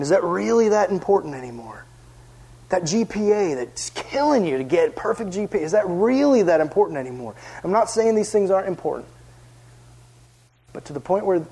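High-voiced man preaching to youth. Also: breathy edge. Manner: lively, chuckling storyteller, asks the audience questions. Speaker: youth pastor. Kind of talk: storytelling sermon.

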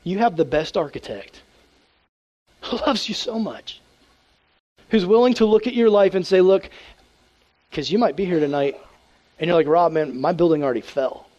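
A man, a youth pastor, preaching a casual, animated sermon to teens and acting out prayers in a hushed voice. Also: high voice, moderate pace, pauses often, lo-fi sound.

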